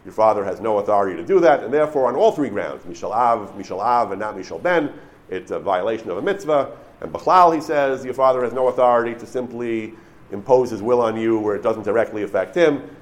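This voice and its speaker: A man's voice: mid-range voice, lively intonation, fast talker. A man teaching a Torah class, explaining legal sources earnestly and with enthusiasm, often restarting and repeating words as he thinks. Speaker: Torah lecturer. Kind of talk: online Torah class lecture.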